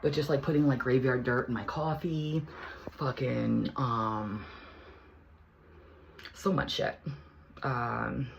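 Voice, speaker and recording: A woman vlogger telling a personal story in a heated, profane, rambling way. She keeps restarting her sentences and swings between hushed asides and near shouting. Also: rumbling low, steady tone, slow pace, gravelly, pauses often, a little hiss or hum, poor audio. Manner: rambling with many restarts and fillers.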